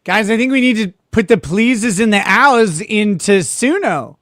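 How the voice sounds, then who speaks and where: A man's voice: high voice, animated, unhurried, a bit bright, dry recording, clean studio sound. A man hosting live legal commentary, mocking the footage he reacts to and laughing often.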